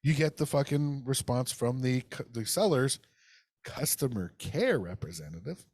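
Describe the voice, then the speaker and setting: A man's voice: mid-range voice, lively intonation, moderate pace, a little mellow, husky, no room sound, studio quality. Angry profane man ranting on a podcast. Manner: heated, profane storytelling, acts out phone calls. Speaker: podcast co-host. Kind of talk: casual ranting podcast chat.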